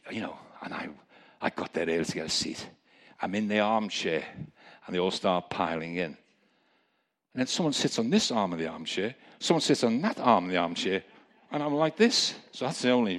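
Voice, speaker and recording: A man preaching a testimony sermon, telling stories in a lively way with chuckling asides. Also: low voice. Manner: storytelling, animated, chuckling asides.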